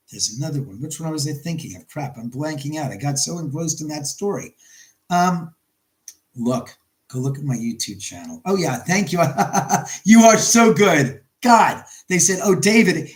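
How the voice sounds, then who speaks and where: A man's voice: a little high, rough recording. A middle-aged man hosting a casual livestream from his house, telling rambling stories and answering viewers in the chat. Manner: rambling storyteller, reads chat aloud. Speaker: livestream host.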